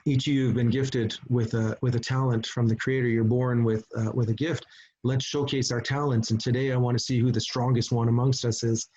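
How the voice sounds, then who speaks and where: A man's voice: mid-range voice, flat delivery, brisk, dark tone, lightly acted. A man voicing a boastful young male Raven who insistently rallies everyone, heard over dull lo-fi video call audio. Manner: insistent, rallying the crowd.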